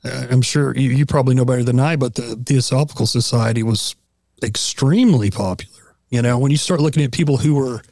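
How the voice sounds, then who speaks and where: Male podcast guest, average pitch, dry recording, loose filler-heavy explaining. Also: fairly quick, gravelly, a little mellow, no echo. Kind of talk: casual conversation.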